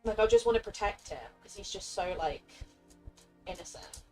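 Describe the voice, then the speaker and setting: A woman's voice: mid-range voice, huge pitch swings, normal speed, gravelly, darkish tone, faint music behind, low-quality recording. A young woman streaming a game, chatting casually with viewers, laughing often and briefly slipping into playful character voices. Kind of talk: casual live-stream chat.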